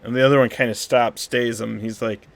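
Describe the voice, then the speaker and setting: A man narrating a tabletop role-playing game as game master, in a relaxed, loose way. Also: mid-range voice, a little fast, creaky.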